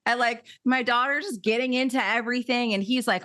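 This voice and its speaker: A woman's voice: a little high, steady tone, fast, few pauses, fairly bright tone, no echo, studio quality. A woman hosting a podcast in casual chat, chatty and laughing easily. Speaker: podcast host.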